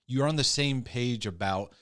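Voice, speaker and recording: A man hosting a podcast, talking casually in quick bursts, often repeating words as he thinks. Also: medium pitch, fairly bright tone, no room sound, studio quality. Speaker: podcast host. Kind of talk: casual conversation.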